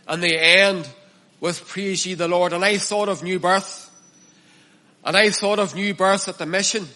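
Slow-preaching man with a bright, high voice. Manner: slow and measured, repeating phrases for emphasis; builds in pitch and force as he preaches. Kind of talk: sermon.

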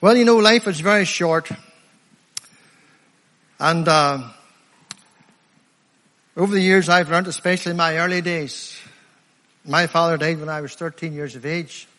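Fervent Northern Irish preacher in a hall. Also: male voice, on the high side, fairly bright tone. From Northern Ireland. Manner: fervent, emphatic, slows down to stress key phrases. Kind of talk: evangelistic sermon. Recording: echoey hall, long reverb.

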